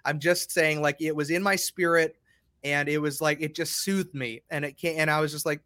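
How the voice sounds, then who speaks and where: Middle-aged male podcast host, slightly higher pitch, dry close sound, rambling and repetitive. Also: steady tone, moderate pace, pushed and bright, no room sound. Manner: rambling, repeats words while thinking. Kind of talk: casual faith discussion.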